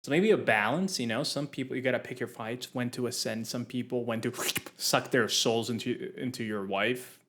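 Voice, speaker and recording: A man's voice: mid-range voice, normal speed, hardly any pauses, noisy background. A man streaming live, chatting casually and rambling jokily while reacting to a game trailer. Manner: rambling and jokey, trailing off mid-sentence. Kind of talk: casual livestream chat.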